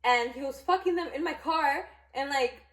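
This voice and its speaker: Young woman rambling through a storytime, says like a lot, high voice, roomy echo. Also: normal speed. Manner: chatty, animated, heavy use of "like". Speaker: vlogger. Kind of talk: casual storytime.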